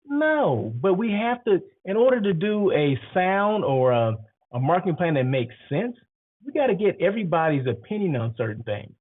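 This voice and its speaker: A man giving casual advice on running hotels, rambling and asking the listener questions, his throat catching as he clears it now and then. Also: high-pitched, very animated, normal speed. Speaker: hotel industry host. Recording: tinny phone-like audio.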